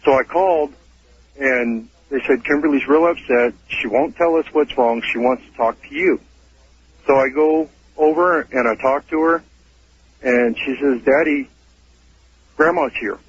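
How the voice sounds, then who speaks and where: A man's voice: medium pitch, measured pace, muffled recording, a little hiss or hum. A man, a father, calling in to tell a ghost story in a plain, matter-of-fact way. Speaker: caller. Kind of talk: telling a ghost story by phone.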